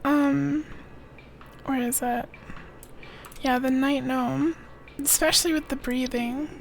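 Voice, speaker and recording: Young female streamer, high voice, chatty, reads and muses out loud. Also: steady tone, slow, vocal fry, a little hiss or hum. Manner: giggly, reads text aloud, thinks out loud. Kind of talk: live game stream commentary.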